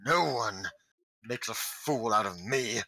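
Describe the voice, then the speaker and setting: Man voicing a brute, gruff, threatening, proud, dry close sound. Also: on the high side, expressive, slow, sharp tone, no echo, full character voice, poor audio. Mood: menacing. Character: big strong hot-tempered man, proud bully.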